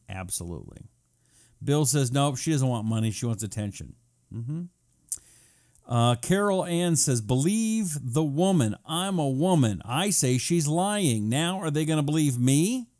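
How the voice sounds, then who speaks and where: A man's voice: mid-range voice, a little mellow. A middle-aged man hosting a talk radio show, reading listener messages and giving emphatic, repetitive commentary. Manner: emphatic, repetitive, sometimes drawn out.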